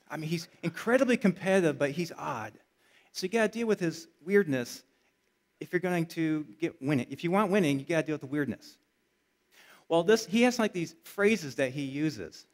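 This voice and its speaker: Conversational man preaching a sermon. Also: on the high side. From Michigan. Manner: conversational storytelling, builds to energetic emphasis. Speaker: pastor.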